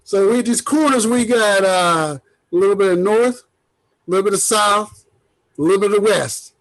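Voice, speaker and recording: A man's voice: high voice, normal speed, poor audio. A man hosting a casual podcast with his cousins, talking in a loose, rambling way full of fillers. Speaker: podcast host. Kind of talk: casual chat.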